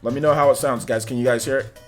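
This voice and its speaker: A young man hosting a casual live stream, rambling loosely and rattling off quick shout-outs to viewers. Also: mid-range voice, fairly even intonation, soft background music.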